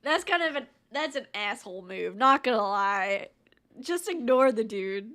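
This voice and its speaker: Young woman, streamer, casual story reading, higher voice, slow delivery, laid-back, swears, snacking. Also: animated, pushed and bright. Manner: laid-back, swears freely, chats with viewers between stories; eating snacks while talking. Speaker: streamer reading online stories. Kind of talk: casual reading and chatting with chat.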